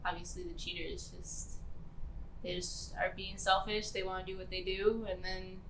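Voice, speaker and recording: Woman co-host with a bright, sharp tone and faint hiss behind her, laid-back and reflective. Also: on the low side, flat delivery, moderate pace, low-quality recording. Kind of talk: casual chat.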